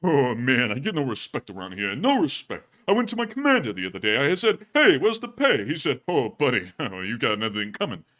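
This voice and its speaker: A man's voice: medium pitch, big pitch swings, fairly quick, hardly any pauses, fairly bright tone. A man doing a whiny, put-upon soldier. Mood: complaining. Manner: self-pitying, mock-mournful comic whine. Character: whiny male Russian soldier griping he gets no respect.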